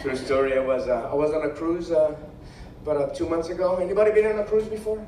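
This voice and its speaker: Brash high-voiced stand-up comedian. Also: male voice, fast talker. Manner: brash, teasing, swears. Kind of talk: live stand-up with crowd work. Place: comedy stage. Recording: echoey live venue, far mic, loud noise.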